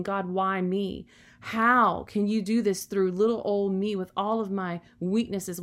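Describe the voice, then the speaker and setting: A woman preaching a sermon in an earnest, encouraging way, often adding "you know" as she talks. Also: medium pitch.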